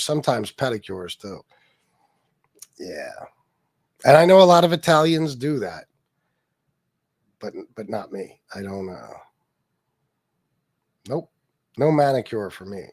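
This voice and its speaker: A man's voice: mid-range voice, vocal fry, no room sound, clean studio sound. Profane, sarcastic male livestream host. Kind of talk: casual political livestream, reading chat.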